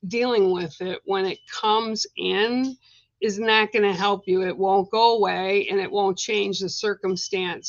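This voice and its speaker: Slow, rambling woman giving card readings. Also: medium pitch, fairly bright tone, no echo, muffled recording. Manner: slow, meandering, many fillers. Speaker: psychic card reader.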